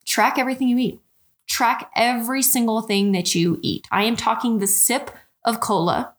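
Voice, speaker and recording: A woman nutrition coach talking straight to her podcast listeners, frank and chatty, often calling them "guys". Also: a little high. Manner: direct, frank, keeps addressing listeners as "guys"; chatty, with quick restarts and rhetorical questions. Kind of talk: podcast monologue.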